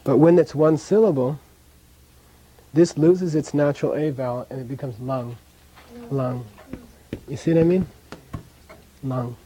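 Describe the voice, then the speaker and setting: A man's voice: a little high, normal speed, long pauses, low-quality recording. A middle-aged man teaching a language class in a casual way, often checking in with his students. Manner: relaxed, casual, checks in with "okay?".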